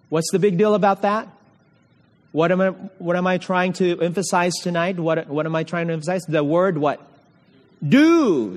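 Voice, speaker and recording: Male preacher, higher voice, slow and deliberate, reads scripture and quizzes the flock; long hall reverb. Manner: asks the congregation questions, repeats key words. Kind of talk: evening sermon with scripture reading.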